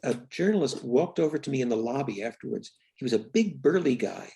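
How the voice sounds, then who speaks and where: Gravelly, husky older man recalling stories. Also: medium pitch, big pitch swings. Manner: reflective, restarts often, quiet trailing pauses. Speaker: film writer and director, guest. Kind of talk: candid interview storytelling.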